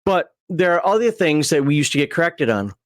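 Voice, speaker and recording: A man's voice: a little high, sing-song, brisk, dry recording. A man casually reading game rules on a livestream, rambling with frequent chuckles and side tangents. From American Upper Midwest.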